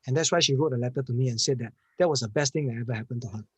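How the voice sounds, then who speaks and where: A man's voice: medium pitch, racing, a little mellow, slightly rough, no room sound. A man, a panel speaker giving an earnest, emphatic storytelling answer and often restarting his words.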